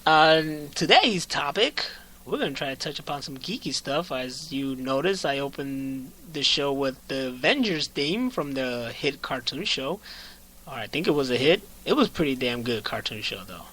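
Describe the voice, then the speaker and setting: Brief: bright-voiced, joking male podcast host, loud and playful. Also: mid-range voice, expressive, moderate pace, poor audio. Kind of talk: casual podcast chat.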